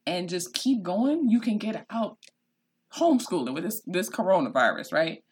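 A woman's voice: fairly low pitch, moderate pace, husky. A woman hosting a casual podcast chat, telling stories with lots of expression. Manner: animated storyteller, acts out voices. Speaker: podcast host.

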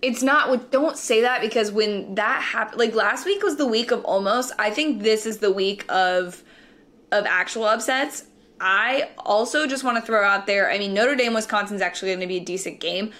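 A young woman co-hosting a casual sports podcast, talking chattily with quick asides and easy laughs. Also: medium pitch, fairly bright tone. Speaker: podcast co-host.

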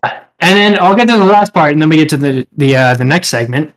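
A man's voice: fairly high pitch, lively intonation, fast talker, rough recording. A young man co-hosting a podcast, telling a rambling, profane story in casual chat and laughing as he goes. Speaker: podcast co-host.

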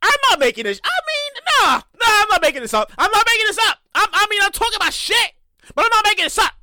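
A man hosting a solo comedy podcast, telling profane stories with frequent shouted outbursts. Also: very high-pitched, very animated, fast talker, no room sound, studio quality. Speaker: podcast host.

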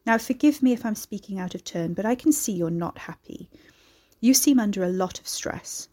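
A woman's voice: medium pitch, animated, moderate pace, mellow, natural voice. A woman reading aloud, putting on a shrewd, calculating older hostess with a faintly affected, probing manner. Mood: coaxing.

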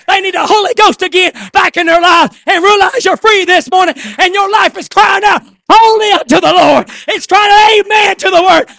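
A male preacher delivering a church sermon, swinging from hushed murmurs to shouted, rhythmic refrains. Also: very high voice, no echo, studio quality. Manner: repeats refrains in a call-and-response cadence. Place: church service.

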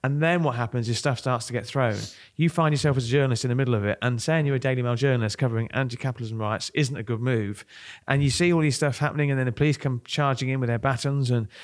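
Fast-talking man co-hosting a podcast. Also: medium pitch. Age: middle-aged. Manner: brisk, filler-heavy, with frequent ums and uhs. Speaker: podcast co-host. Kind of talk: casual political chat.

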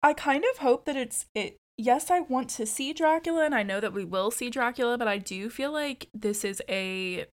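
A young woman co-hosting a podcast in chatty, animated casual talk, with casual swearing. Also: a little high, moderate pace, hardly any pauses. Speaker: podcast co-host. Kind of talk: casual chat.

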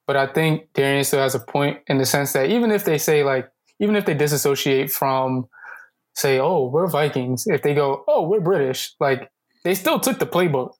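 A man's voice: a little high, moderate pace. A man co-hosting a podcast, chatting casually and checking that he understands the point. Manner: laughs often, checks his understanding. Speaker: podcast co-host. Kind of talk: casual chat.

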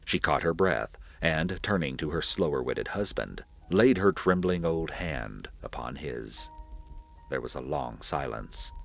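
A man narrating a classic horror tale with a very deep, gravelly voice. He reads at a deliberate pace and swings his pitch with feeling. Soft music hums beneath him. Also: expressive. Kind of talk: scripted horror story narration. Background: faint music.

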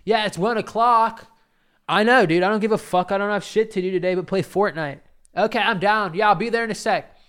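A man's voice: sits high, fairly quick, a bit bright, clean tone, pitched above the performer's own voice. A man voicing a carefree young slacker bro who is eager to party, loose and swaggering. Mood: rowdy.

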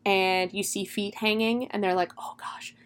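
A young woman casually recapping a horror film, chatty and animated, swearing freely. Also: medium pitch, moderate pace, clean tone. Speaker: movie reviewer.

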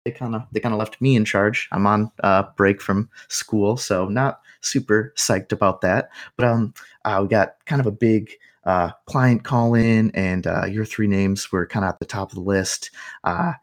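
A flustered young woman behind a cluttered desk, halting and full of "uh"s, as a game master puts her on. The voice stays low and gravelly underneath, since a man acts her out. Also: steady tone, lightly acted. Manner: hesitant, stammering, lots of fillers.

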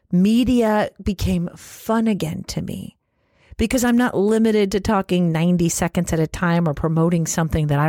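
A middle-aged woman hosts a faith-based motivational podcast, speaking earnestly and encouragingly straight to her listener. Her voice sits a little low for a woman. The recording is close and dry, with no room sound. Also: dark tone, no room sound. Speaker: podcast host.

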